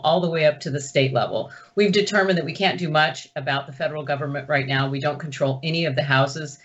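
A woman activist being interviewed over a video call, earnestly laying out her group's plan. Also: fairly bright tone. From United States. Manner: earnest, pitching an organized plan. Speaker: guest activist. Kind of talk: remote interview. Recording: dull video call audio.

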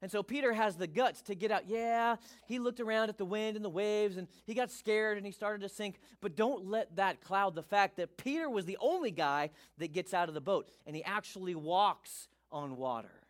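A male pastor giving a sermon, reading scripture and joking with the congregation in a lively way. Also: high voice, normal speed, few pauses.

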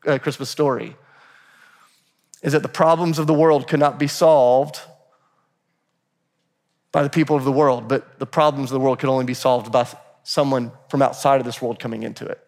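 A man's voice: mid-range voice, steady tone, normal speed, pauses often, darkish tone. A man preaching a sermon as pastor, emphatic and repeating phrases as he builds a point. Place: church sanctuary. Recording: long hall reverb.

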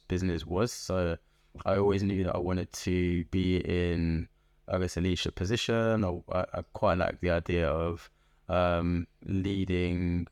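Man, London accent, middle-aged, low steady voice, measured with pauses, dry studio sound. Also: dry recording. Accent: London English. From England. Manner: thoughtful, measured, frequent "um" pauses. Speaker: guest, organization founder. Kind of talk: conversational interview. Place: podcast booth.

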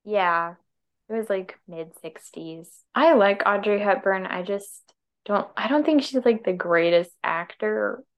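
A woman's voice: mid-range voice, a little slow. A woman co-hosting a podcast, chatting casually about films in an easygoing, hedging way with frequent laughs. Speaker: podcast co-host. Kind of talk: casual film chat. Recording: dull lo-fi audio.

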